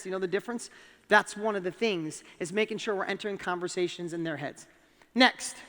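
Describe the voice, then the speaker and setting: A man's voice: high voice, fairly bright tone. A man giving a motivational talk to a live audience from a stage, telling stories with animation and putting questions straight to the crowd. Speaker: motivational speaker. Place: stage in a large hall. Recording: long hall reverb.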